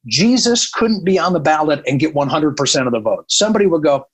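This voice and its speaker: A man from the northern United States, a radio programmer, telling a candid, animated story in casual chat and swearing freely. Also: on the high side, fast, husky, low-quality recording.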